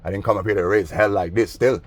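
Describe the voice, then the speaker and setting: A man's voice: lowish voice, fairly even intonation, quick pace. A man vlogging casually, rambling through a story in slangy talk with constant asides. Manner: rambling, slangy, with frequent "you know what I mean".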